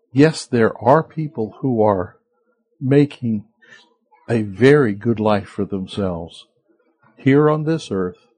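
A man's voice: medium pitch, dark tone, breathy edge. A man preaching a conversational sermon as pastor, asking the listeners rhetorical questions.

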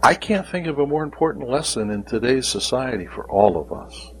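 A man's voice: mid-range voice, expressive, fairly quick, a little hiss or hum, low-quality recording. A man preaching a devotional sermon, speaking in an emphatic way and repeating key phrases.

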